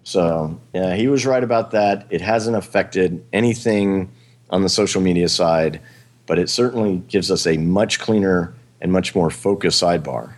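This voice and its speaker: A man talks through ideas with a co-host in a casual, rambling way, full of fillers and restarts. His voice sits very low. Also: normal speed, a little mellow. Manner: rambling, hesitant, frequent fillers and laughs. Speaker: podcast host. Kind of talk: casual chat.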